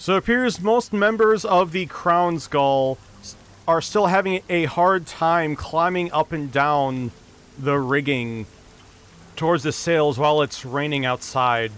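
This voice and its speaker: A man narrating as dungeon master of a tabletop game, steady storytelling with small restarts. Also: fairly high pitch, a little slow, clear, resonant tone.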